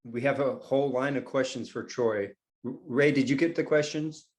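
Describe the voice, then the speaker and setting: A man's voice: mid-range voice, moderate pace. Upbeat man hosting a video call. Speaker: host. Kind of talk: casual video call chat.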